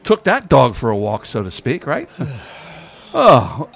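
A man's voice: medium pitch, slow pace, creaky. A man telling a funny travel story in casual chat, laughing often and restarting his sentences. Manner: animated, laughing, lots of restarts.

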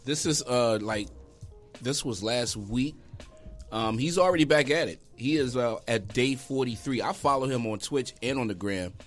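A man's voice: mid-range voice, normal speed, soft background music. A man co-hosting a casual chat show, talking in a laid-back, slangy, rambling way. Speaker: co-host.

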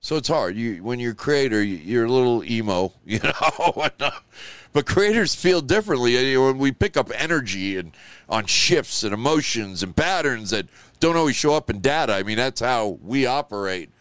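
A show host speaks live in a loose, emotional, rambling monologue packed with "you know" and "like." His medium-pitched voice is expressive, clear, resonant, and fairly bright, moving at a moderate pace, and the recording is dry with clean studio sound.

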